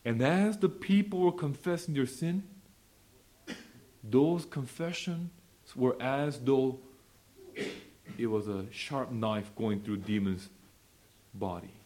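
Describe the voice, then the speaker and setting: A man preaching a sermon and leading a prayer, swinging between quiet asides and loud, fervent declarations. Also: mid-range voice, takes it slowly, pauses often, slight background noise. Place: church fellowship meeting.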